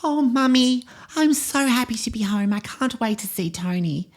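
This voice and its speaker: Man playing a shrill eight-year-old girl, high falsetto, overdramatic, comedy podcast. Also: expressive, moderate pace. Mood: excited. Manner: shrill wailing falsetto, melodramatic sobbing. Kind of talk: comedy podcast character monologue.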